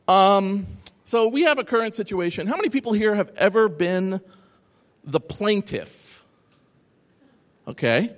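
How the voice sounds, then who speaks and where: A man giving a live talk to an audience, animated and sarcastic, rambling through asides. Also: sits high, unhurried, long pauses, long reverb tail. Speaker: conference speaker. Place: large hall with audience.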